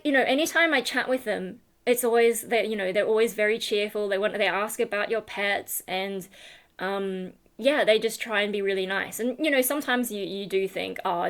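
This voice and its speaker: Chatty woman with a high voice. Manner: chatty, rambling with many fillers and restarts. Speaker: YouTuber. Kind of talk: casual vlog chat.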